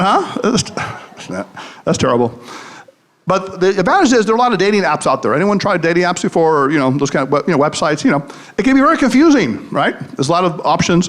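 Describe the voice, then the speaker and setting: A man's voice: high-pitched, sing-song, brisk, a bit bright. A man, a psychologist and podcast host, giving a live comedic talk, telling jokes and anecdotes and questioning the audience. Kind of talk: comedic motivational speech.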